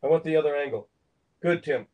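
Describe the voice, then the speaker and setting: A man's voice: a little high, fairly quick, lo-fi sound. An older man from Phoenix, an actor, telling a story in an interview, acting out quotes and laughing between lines. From Phoenix, Arizona, USA. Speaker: actor and guest.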